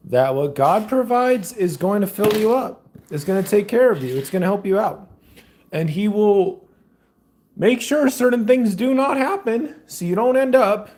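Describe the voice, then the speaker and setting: His voice is high but darkish in tone: a young faith vlogger who chats in a loose, rambling way. He fixes food in his home kitchen as he talks, filming on a phone he holds in one hand.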